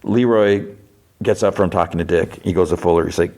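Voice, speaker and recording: A man with a low voice recaps a show in a relaxed, chatty way, full of fillers and restarts. When he quotes characters, he jumps up into a raised, put-on voice. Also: fairly quick. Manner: retells scenes, acting out quotes in a raised voice; loose delivery with frequent fillers. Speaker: podcast host. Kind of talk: casual plot recap.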